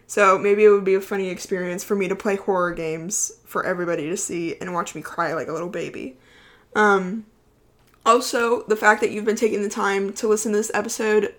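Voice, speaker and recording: A woman's voice: mid-range voice, fairly bright tone. A young woman of about twenty hosts her own podcast in a loose, chatty way. She rambles off topic and keeps breaking into giggles as she talks. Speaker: podcast host. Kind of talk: casual chat.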